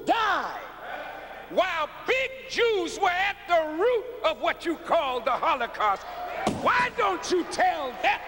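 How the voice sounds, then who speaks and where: A man giving a fiery public speech, emphatic and often shouting, with deliberate phrasing. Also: extremely high pitch, big pitch swings, music in the background. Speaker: public speaker. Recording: echoey hall with background noise.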